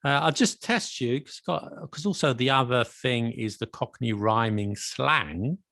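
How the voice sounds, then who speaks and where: Low gravelly guy co-hosting a chat show, patient explainer, dry close sound. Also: lively intonation, unhurried, a bit bright, dry recording. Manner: explains patiently, gives examples. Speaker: podcast co-host. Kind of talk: casual chat about accents.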